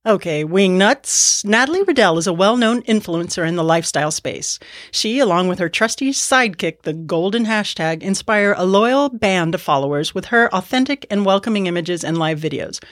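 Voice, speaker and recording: A woman's voice: medium pitch, animated, normal speed, dry recording. Woman, podcast co-host, chatty, giggly, dry sound. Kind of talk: casual podcast chat.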